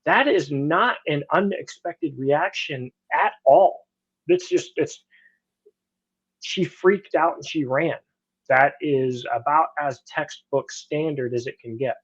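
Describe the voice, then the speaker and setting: A man's voice: a little high, takes it slowly, breathy edge, highs cut off. A man co-hosting a casual podcast, making blunt, emphatic points. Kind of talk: casual discussion.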